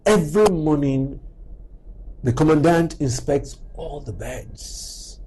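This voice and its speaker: A middle-aged man delivers a motivational talk on everyday manners. His voice sits a little high and swings widely in pitch as he acts out little exchanges and peppers listeners with rhetorical questions. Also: slow, slightly rough, low-quality recording. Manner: animated storyteller, acting out quoted exchanges and firing rhetorical questions. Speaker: doctor giving a life-advice talk.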